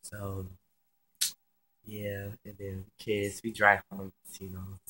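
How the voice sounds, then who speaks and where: A man's voice: lowish voice, completely flat delivery, slow pace, pushed and bright. A young man casually telling a personal story, chatty and slangy with lots of swearing. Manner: chatty and slangy, swears freely, many fillers.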